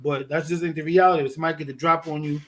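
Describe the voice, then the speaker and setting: A man from Brooklyn, a podcast guest telling a profane street story in a lively, animated way. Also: a little high, racing. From Fort Greene, Brooklyn. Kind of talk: casual storytelling.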